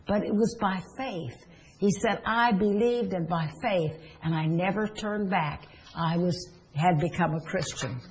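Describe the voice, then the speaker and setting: A woman's voice: lowish voice, unhurried, a little mellow, slight background noise, poor audio. Woman preaching an earnest sermon. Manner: earnest storytelling, retelling quotes and Bible stories.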